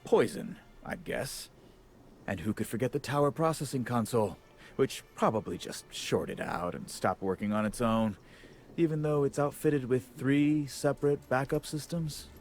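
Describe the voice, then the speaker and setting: An actor playing a gruff, harried male orchard overseer in a video game, blunt and sardonic with folksy speech. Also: mid-range voice, lively intonation, normal speed, darkish tone, faint music behind, natural voice.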